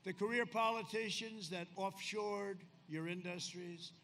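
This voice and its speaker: A man in his seventies giving a rambling, boastful rally speech outdoors at a podium mic, repeating phrases and swinging from shouts to muttered asides. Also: sits high, steady tone, a little slow, a little hiss or hum. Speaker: political speaker at a rally. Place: outdoor rally at an airfield, windy and cold.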